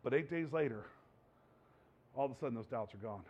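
A male pastor preaches a sermon in church in a conversational, animated way, repeating phrases for emphasis. His mid-range voice moves fairly quickly, and the recording is dull and lo-fi.

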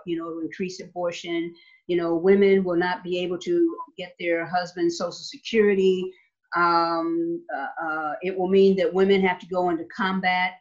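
A woman state legislator telling a story in an interview, emphatic, repeating words and checking in with "okay?". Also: lowish voice. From Nevada. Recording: slightly dull lo-fi sound.

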